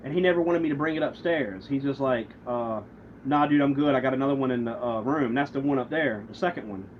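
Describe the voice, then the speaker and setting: A man's voice: mid-range voice, brisk. A man on a livestream telling a grudge story in a profane, aggrieved, rambling way, quoting both sides of the argument. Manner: rambling, with many restarts and quoted back-and-forth. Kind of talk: casual livestream rant. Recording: muffled lo-fi stream audio, faint background noise.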